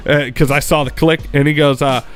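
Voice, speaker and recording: Guy on a podcast swearing a lot, smooth clear voice, bit high, music faint behind. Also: fairly even intonation, fairly quick. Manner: profane, rambling storyteller. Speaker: podcast co-host. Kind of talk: casual chat, storytelling.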